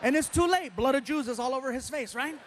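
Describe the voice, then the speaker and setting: Man, stand-up comedian, very high pitch, animated storytelling, faint noise. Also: fast talker. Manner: animated, acts out the other people in his stories.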